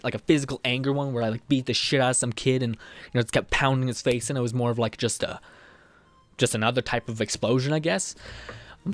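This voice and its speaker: A young man talking in a personal vlog, rambling and halting, with many restarts and fillers. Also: medium pitch, a bit bright, no echo. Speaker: vlogger.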